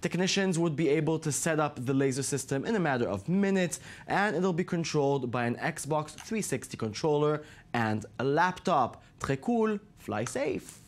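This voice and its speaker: Wry, lively male news host. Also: on the high side, moderate pace, hardly any pauses. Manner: wry, sarcastic quips between stories. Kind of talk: scripted news segment with jokey asides.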